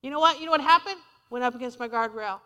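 A woman's voice: sits high, fast, sharp tone, clean tone, dull audio. A woman preaching a sermon in a conversational, humorous way, calling out to the congregation for responses. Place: church sanctuary. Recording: reverberant hall.

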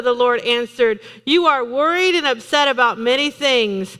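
A woman pastor preaching a lively sermon, joking and emphatic, with chatty asides to the congregation. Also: on the high side, normal speed, hardly any pauses, in a large hall. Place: church sanctuary.

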